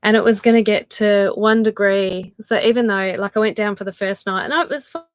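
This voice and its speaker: A tired woman with an Australian accent, chatting casually with viewers on a livestream, laughing often and trailing off into soft asides. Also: medium pitch, fairly quick, no room sound, rough recording. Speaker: channel host doing a livestream. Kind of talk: casual live chat with viewers.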